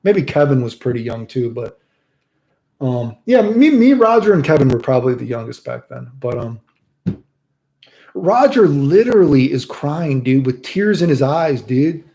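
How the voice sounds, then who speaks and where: A man telling a rambling story on a live stream in a casual, animated way, swearing constantly and saying "dude" a lot. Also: mid-range voice, normal speed. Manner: loose rambling delivery with restarts and "dude". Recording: roomy echo.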